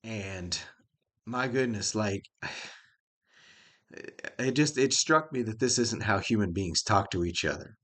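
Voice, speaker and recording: A man's voice: lowish voice, expressive, slow, long pauses, fairly bright tone. A middle-aged man giving a casual, rambling spoken review of a show, folksy and chuckling often.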